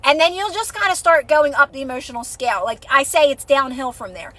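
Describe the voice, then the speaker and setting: A woman's voice: high voice, a little fast, sharp tone. A young adult woman hosting a casual livestream chat on a phone mic, talking to viewers in a chatty, reassuring way with many fillers and repeats. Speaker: livestream host, manifestation coach.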